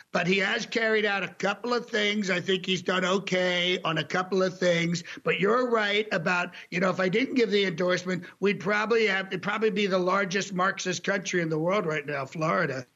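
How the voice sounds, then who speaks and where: Guy doing a bragging rambling president bit, highish gravelly voice, kinda muffled lo-fi sound. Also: moderate pace, bright, forceful tone, full character voice. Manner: bragging, rambling, name-calling. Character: boastful older male president, brash and rambling. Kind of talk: comedy impression interview.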